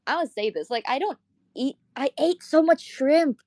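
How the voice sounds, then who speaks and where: A woman's voice: high-pitched, lively intonation, unhurried, darkish tone, no echo. A young woman from Indonesia chatting casually in a live audio room, rambling, swearing freely and laughing often. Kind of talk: casual chat.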